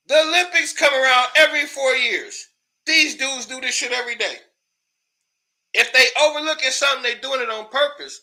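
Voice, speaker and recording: A man's voice: very high voice, moderate pace, sharp tone. A man hosting a casual commentary show, ranting in a loose, profane way, laughing often and repeating words when worked up.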